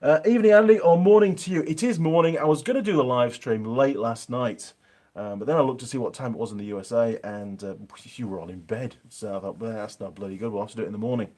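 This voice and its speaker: A man's voice: lowish voice, fast talker, darkish tone. A man with a Yorkshire accent chatting casually on a live stream from his home workshop, reading out viewer comments with plenty of ums.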